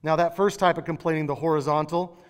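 A man preaching a sermon in a church, conversational, with animated asides. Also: fairly high pitch, fast, clear, resonant tone, in a large hall.

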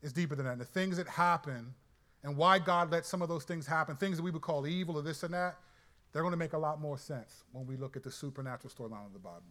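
Excitable high-voiced male preacher. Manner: excitable, colloquial, quick restarts. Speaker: preacher and Bible teacher. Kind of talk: animated sermon-style teaching.

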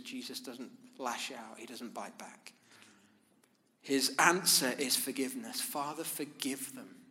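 A man preaching a sermon, speaking in measured, emphatic phrases with pauses. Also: mid-range voice, sharp tone. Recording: long reverb of a large hall.

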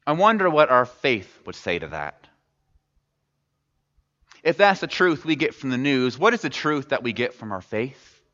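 A man's voice: mid-range voice, sing-song, normal speed, long pauses, pushed and bright. A man preaching a sermon, talking in a conversational way and putting questions to the congregation. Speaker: pastor. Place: church sanctuary. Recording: dull sound in a large reverberant hall.

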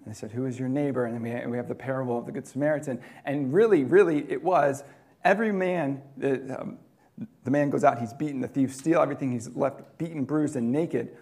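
A man preaching a sermon in a conversational way, swinging between loud emphatic lines and quiet, dropped ones. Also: medium pitch, fairly quick, creaky. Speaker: pastor.

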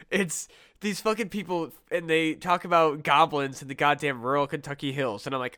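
A man co-hosting a loose comedy podcast, cursing constantly and breaking into laughter as he acts out his own reactions. His voice is bright and forceful and sits a little high for a man. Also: fairly even intonation, moderate pace. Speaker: podcast co-host. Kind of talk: casual comedy podcast chat.

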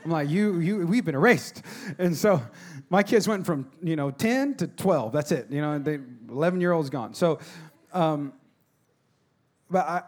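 High-voiced preacher man, soft to loud. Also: animated, a little slow. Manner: storytelling, swings from soft and hushed to loud and exhorting. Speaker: pastor. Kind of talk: sermon.

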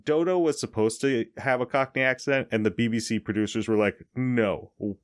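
A man's voice: mid-range voice, a little fast. A man hosting a casual podcast chat, explaining things in a loose, chatty way with frequent laughs. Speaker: podcast host.

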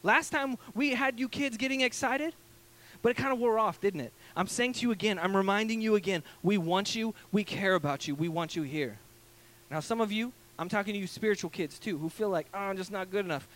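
A man, a pastor in his thirties, preaching a casual storytelling sermon from a church stage, animated and full of fillers. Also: sits high, fairly quick. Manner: animated, acts out quoted voices, many fillers.

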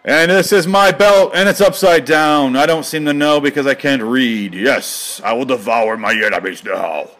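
A man voicing a boastful, menacing male wrestling champion who speaks in slow, bragging declarations. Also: mid-range voice, fairly bright tone, close to an everyday voice. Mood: dim boasting.

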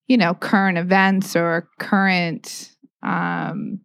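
A woman's voice: lowish voice, little pitch movement, slow pace, clear, resonant tone, dry recording. A blunt, swearing woman, dry close sound. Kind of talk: casual chat.

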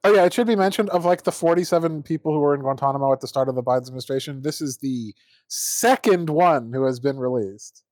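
A man's voice: mid-range voice, fast, a little mellow, dry recording. A man hosts a loose political chat and picks apart the articles he reads aloud with sardonic asides. His voice sits in a middle range and sounds close and dry. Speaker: podcast host.

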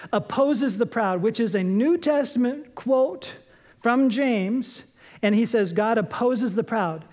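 A man preaching a sermon as pastor, emphatic and jokey, repeating his short points. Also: sits high. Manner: lively, jokey storytelling preacher.

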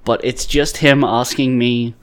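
A man with an Australian accent in casual podcast chat, relaxed and quick to gently correct what others say. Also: mid-range voice, clear, resonant tone.

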